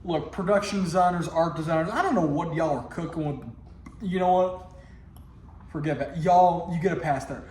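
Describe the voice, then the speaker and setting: A man's voice: on the high side, normal speed, a little mellow, roomy sound, a little hiss or hum. A man hosting his own video show, riffing and joking directly to his viewers in casual comedic commentary. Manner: jokey, riffing, talks straight to viewers.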